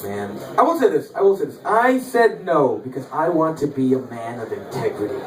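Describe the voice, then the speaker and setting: A man's voice: mid-range voice, normal speed. A man performing a stand-up comedy set in the back room of a bar, telling stories with wry timing and acting out the dialogue. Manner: animated, wry storytelling with acted-out dialogue. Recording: echoey bar room, mic at a distance, audience laughter. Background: live audience laughing.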